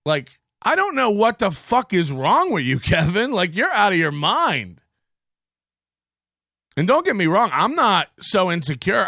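A man hosting a comedy podcast, ranting in a mocking, profane way and often breaking into shouts. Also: high voice, dry recording, studio quality. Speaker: podcast host.

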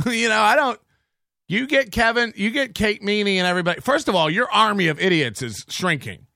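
A man hosting a comedy podcast, ranting in a mocking, profane way and often breaking into shouts. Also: high voice, animated, brisk, creaky, dry recording, clean studio sound. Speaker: podcast host.

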